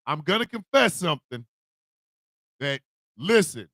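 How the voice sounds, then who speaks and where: A man hosting a morning radio show, telling comic confessions with put-on voices and loud, laughing bursts. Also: on the high side, unhurried, no echo. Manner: animated storytelling with put-on voices. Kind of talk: comedic radio monologue.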